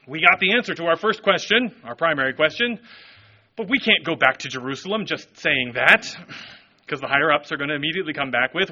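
A man preaching a sermon, telling the story in an animated, expressive way. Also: a little high, a little fast, muffled recording. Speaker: pastor.

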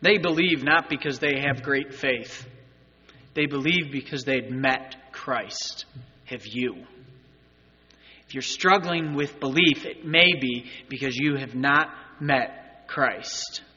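Bright-voiced man preaching in a reverberant church. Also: medium pitch, slow, husky, dull audio. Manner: preaching, swings from loud urgent appeals to quiet earnest asides. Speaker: pastor. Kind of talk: Easter sermon. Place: church sanctuary.

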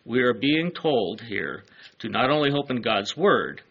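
A man's voice: mid-range voice, big pitch swings, a little slow, slightly rough, lo-fi sound. A man preaching a sermon, earnest and emphatic, letting his phrases fall away at the ends.

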